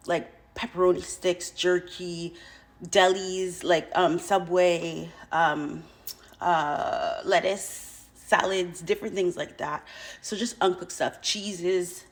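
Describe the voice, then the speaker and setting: Low-voiced woman telling her story. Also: low-quality recording. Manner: animated, acts out what others said to her. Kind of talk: personal storytime monologue.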